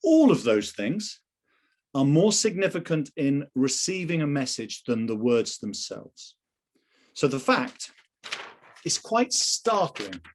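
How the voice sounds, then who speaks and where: A man's voice: a little high, very animated, takes it slowly. A man running a live online sales training session over a video call, emphatic and full of rhetorical questions.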